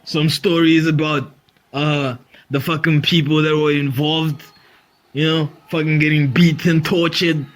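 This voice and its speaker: A man's voice: a little high, flat delivery, a little slow. A man hosting a comedy podcast, riffing animatedly, swearing freely and laughing often. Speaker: podcast host. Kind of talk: comedic monologue.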